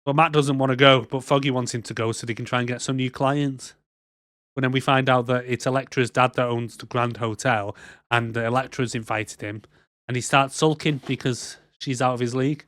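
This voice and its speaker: A man's voice: medium pitch, fairly even intonation, fairly quick, fairly bright tone, no room sound. Giggly man, dry sound. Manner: giggly, laughs often while recapping. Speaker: podcast co-host. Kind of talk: casual movie roast chat.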